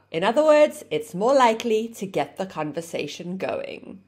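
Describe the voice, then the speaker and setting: A woman teaching an English grammar lesson, explaining clearly and acting out example phrases with exaggerated rising and falling intonation. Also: medium pitch, very animated, moderate pace, hardly any pauses, a little mellow.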